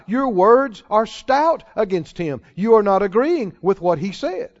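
A man's voice: extremely high pitch, animated, unhurried, few pauses. A man preaching a sermon, stretching out his key phrases for emphasis and chuckling now and then. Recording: dull lo-fi sound.

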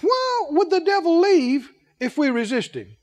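In an unhurried sermon, a male preacher speaks in a remarkably high voice that rises and falls without pause. He drives his listeners with animated phrasing and a string of rhetorical questions.

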